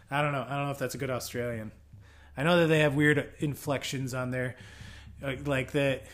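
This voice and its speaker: A man's voice: medium pitch, steady tone, a little fast. A man hosting a casual homebrewing explainer, rambling and swearing often, with lots of fillers. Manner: rambling, profane, frequent fillers. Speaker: homebrewing show host.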